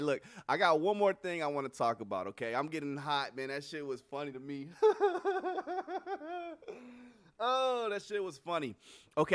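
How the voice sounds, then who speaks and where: A man hosting a livestream in casual, profane commentary, animated and often laughing. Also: mid-range voice, clean tone, no room sound, studio quality. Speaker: livestream host.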